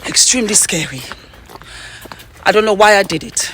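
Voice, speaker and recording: A woman's voice: mid-range voice, expressive, normal speed, a bit bright, a little hiss or hum. Breathless, stammering woman recounting a scare. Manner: stammering, repeating words, shaken. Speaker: vlogger. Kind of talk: excited storytelling to camera. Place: walking outdoors on the way home.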